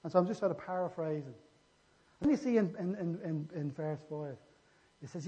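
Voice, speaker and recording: A man's voice: a little high, normal speed, mellow. A man preaching a sermon, retelling scripture stories and acting out the dialogue. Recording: echoey hall, dull lo-fi sound.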